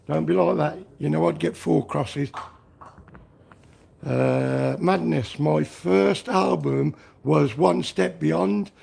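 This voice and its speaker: A man's voice: a little high, creaky, a little mellow. A man from Liverpool hosting a livestream from a garage workshop, joking with the chat and breaking into bits of songs. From Liverpool, England. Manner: jokey, breaks into snatches of song. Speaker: livestream host reading chat.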